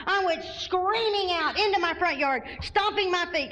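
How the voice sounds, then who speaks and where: A middle-aged woman from Arkansas, telling a funny personal story to an audience at a recovery convention in an animated, folksy way, laughing often. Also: very high-pitched, normal speed, few pauses, a little hiss or hum, poor audio. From Arkansas, USA.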